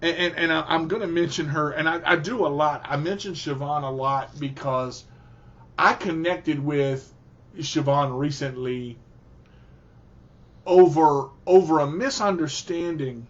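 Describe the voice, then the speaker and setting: A man's voice: fairly high pitch, highs cut off. A man hosting a radio show, giving an emphatic motivational talk in a preacher-like way and often repeating himself.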